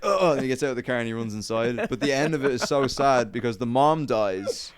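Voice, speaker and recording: A young man hosting a podcast, telling a rambling, profane story in casual chat with quick acted quotes. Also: medium pitch, background noise. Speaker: podcast host.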